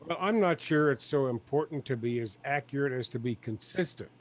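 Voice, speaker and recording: A man chatting casually on a live stream in a calm, measured way. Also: mid-range voice. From United States. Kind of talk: casual chat.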